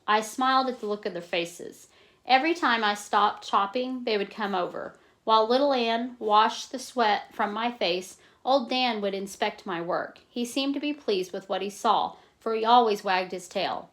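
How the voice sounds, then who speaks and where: A woman reading a novel aloud in a plain, steady way, stopping now and then to explain in casual asides. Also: mid-range voice, moderate pace. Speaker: reader.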